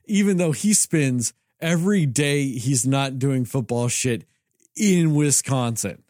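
A man's voice: fairly high pitch, animated, unhurried, darkish tone, no room sound, clean studio sound. A man co-hosting a podcast in casual chat, ranting in a heated, profane way. He is from Texas. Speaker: podcast co-host.

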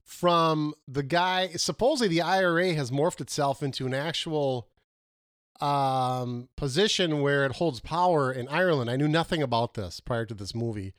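A man's voice: on the high side, moderate pace, a bit bright, no room sound, clean studio sound. A man co-hosting a casual movie review chat, rambling and losing his words mid-sentence.

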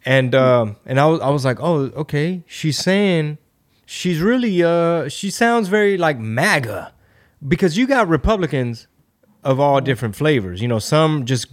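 A man's voice: on the high side, measured pace. Casual podcast host, a man. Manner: relaxed, chatty, filler-heavy. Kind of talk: casual chat.

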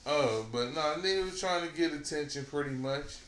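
A man co-hosting a casual podcast chat, animated and swearing, often laughing. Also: a little high, normal speed, slight background noise. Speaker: podcast co-host. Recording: echoey room with faint ambience.

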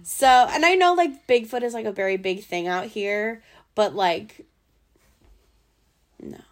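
A woman's voice: medium pitch, a little slow. A young woman from the US Pacific Northwest telling a podcast host about a bad date in a rambling, casual way, full of fillers and swearing. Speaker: podcast guest. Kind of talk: casual storytelling chat.

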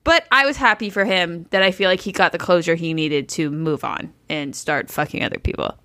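Woman, podcast co-host, blunt casual chat, bright voice, dry close sound. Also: lowish voice, brisk, no echo. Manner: blunt, swears freely.

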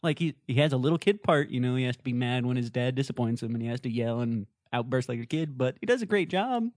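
A man's voice: medium pitch, fast talker, no echo. Chatty man reviewing a movie, dry sound. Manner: animated, fond of playful voices and asides. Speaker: podcast co-host. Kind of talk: casual movie review chat.

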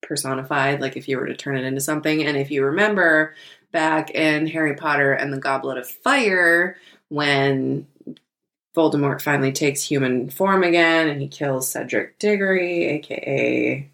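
A woman's voice: low voice, normal speed, vocal fry, fairly bright tone. A woman co-hosting a casual podcast chat, blunt and swearing often. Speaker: podcast co-host.

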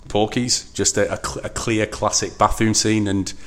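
A man with a low, deep voice talks casually as a podcast co-host. He laughs often and slips into lively retellings of film scenes. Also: moderate pace, slight background noise. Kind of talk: casual chat.

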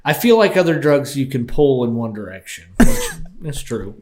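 A man's voice: mid-range voice, big pitch swings, moderate pace, darkish tone. A man co-hosting a casual podcast, telling a rambling story full of swearing and laughing at himself. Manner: loose, profane storytelling, laughing often. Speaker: podcast co-host. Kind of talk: casual chat.

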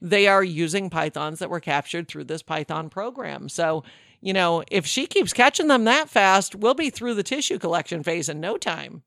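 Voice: medium pitch, expressive, moderate pace, vocal fry, a bit bright, no echo, clean studio sound. A co-host reading out quirky local news stories in a casual, amused podcast chat. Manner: chatty, amused, many fillers and restarts.

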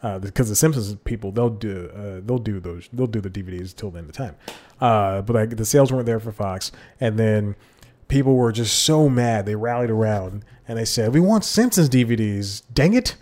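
Here a man with a fairly low, darkish voice talks at a normal speed on his one-man podcast. Wearing headphones and speaking into a desk mic, he wanders casually from point to point, laughing softly at asides and correcting himself often.

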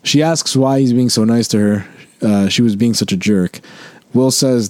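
A man's voice: mid-range voice, a little slow, no room sound. A man co-hosting a podcast, casually recapping a sitcom episode and reading trivia. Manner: relaxed, recaps plot then reads trivia. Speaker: podcast co-host.

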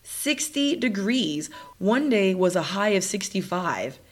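A woman's voice: mid-range voice, sing-song, takes it slowly. A woman hosting a casual solo podcast, chatty and upbeat, who laughs often and sounds nasal and congested from stuffed sinuses. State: congested, sniffling. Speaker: podcast host.

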